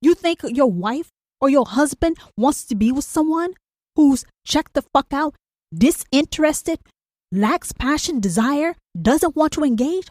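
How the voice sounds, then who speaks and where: A woman with a somewhat high voice hosts a podcast in a confrontational, profane monologue. She fires rhetorical questions straight at the listener. The sound is close and dry, with no room around it. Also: expressive, measured pace, a little mellow, no echo. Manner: blunt, confrontational, rhetorical questions, heavy swearing. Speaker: podcast host.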